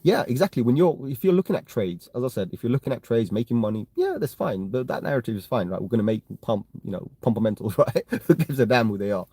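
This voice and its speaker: A man's voice: medium pitch, animated, fast, hardly any pauses, dark tone, dry recording. A man with a London accent chatting casually on a live stream, answering viewer comments in a rambling way and often tagging on "right?" and "you know what I mean". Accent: London English. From London, England. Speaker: crypto live-stream host.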